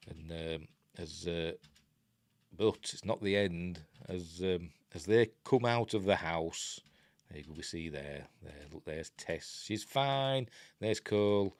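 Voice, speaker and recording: A man's voice: low-pitched, a little mellow, no echo. An older man with a Yorkshire accent, casually talking through a film review with rambling, self-interrupting chat and wry asides. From Yorkshire, England.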